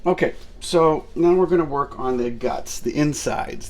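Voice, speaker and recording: A man walks through a recipe in his home kitchen, chatting loosely and filling gaps with "uh" and "um." His voice has a gravelly, fry-heavy edge. He teases himself as he goes, in an easygoing cooking-show manner. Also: mid-range voice, measured pace. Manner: rambling and self-mocking, with many fillers. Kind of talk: casual cooking demonstration.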